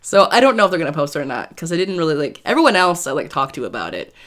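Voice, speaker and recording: A woman chats loosely to her viewers, wandering from one thought to the next and breaking into little giggles. Her voice sits a touch lower than most women's. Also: big pitch swings, rapid-fire, a bit bright. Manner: rambling and giggly, laughs often between phrases. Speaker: YouTube creator. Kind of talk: casual vlog talk to viewers.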